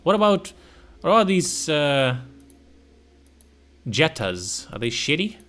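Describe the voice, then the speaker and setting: Animated, slow-talking man, swearing freely. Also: on the high side. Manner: profane, slangy, exclamatory. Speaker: streamer browsing car listings. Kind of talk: casual live commentary.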